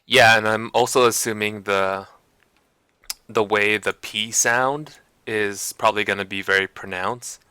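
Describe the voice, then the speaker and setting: A man chatting on a live stream, slow and unhurried, in a bright, smooth voice. He talks in a hesitant, self-conscious way and often laughs at himself. A keyboard clacks in the background. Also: on the low side, fairly even intonation, no room sound. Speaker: livestreamer. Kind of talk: casual live-stream chat.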